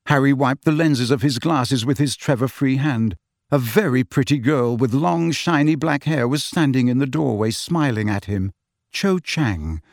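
Expressive male audiobook narrator. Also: mid-range voice, no echo, studio quality. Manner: expressive, measured storytelling.

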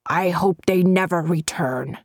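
A frail, bearded old man in an audiobook, testy and quick to thunder when angered, as a woman puts him on. The voice is low-pitched and held in a dry, close sound. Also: dry recording. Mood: weary.

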